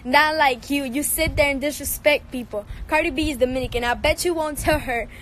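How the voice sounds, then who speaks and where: High-voiced angry teen girl, Cuban accent. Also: fairly quick, fairly bright tone, slight background noise, poor audio. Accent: Cuban Spanish. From Cuba. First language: Spanish. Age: teenager. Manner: angry, profane, confrontational. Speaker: singer and social media personality. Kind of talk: heated livestream rant.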